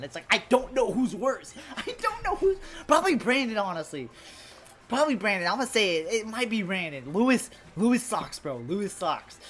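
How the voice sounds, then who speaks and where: A young woman streaming a game live, chatting loosely with viewers, cursing often and calling everyone bro. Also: medium pitch. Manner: loose, profane and jokey, addressing chat as bro. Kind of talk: casual live-stream chat.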